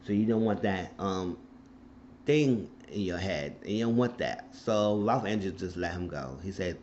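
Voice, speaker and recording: A man's voice: low voice, expressive, unhurried, a little mellow, muffled recording, a little hiss or hum. A man recapping a TV episode in a casual, outspoken and profane way, getting openly indignant. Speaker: recap vlogger.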